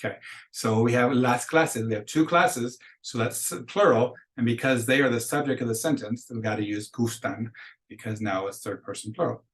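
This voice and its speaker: A man gives a recorded beginner Spanish lecture. He talks at a middling pitch and walks through the grammar patiently, step by step. He reads example phrases aloud for students to repeat. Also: moderate pace, rough recording. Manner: patient, explains step by step, models phrases for repetition. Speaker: Spanish teacher.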